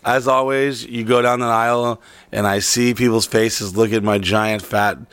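A man chatting casually and telling a story, swearing often and deadpan in his delivery. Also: on the low side, moderate pace, clear, resonant tone, no room sound. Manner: profane, deadpan.

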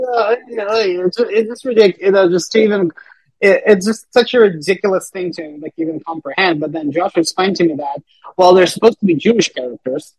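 Husky-voiced man rambling in casual chat. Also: fairly high pitch, darkish tone, dry recording, poor audio. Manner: rambling, many fillers and restarts. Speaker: podcast guest.

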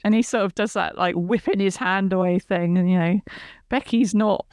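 A woman's voice: medium pitch, moderate pace, darkish tone, smooth, no echo. A woman chatting casually on a podcast, retelling a TV episode scene by scene. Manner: chatty, retelling scenes with laughs and quoted lines.

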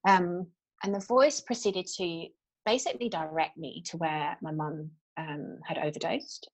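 A woman, a guest telling a personal story in an interview, candid and halting with frequent fillers and restarts. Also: lowish voice, steady tone, poor audio.

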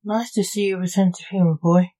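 A woman's voice: medium pitch, fairly even intonation, fast talker, dark tone, close to an everyday voice, low-quality recording. A woman voicing a grumpy, weary male Lord of Hell who grumbles curtly at his son, in a read-aloud story. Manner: grumbling, curt.

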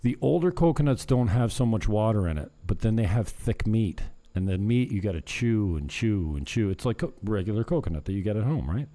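Fairly low in pitch and dark in tone, this man's voice is animated and fairly quick, with few pauses. He's a vlogger chatting casually and meanderingly to camera, often breaking off mid-thought and chuckling at his own side remarks.

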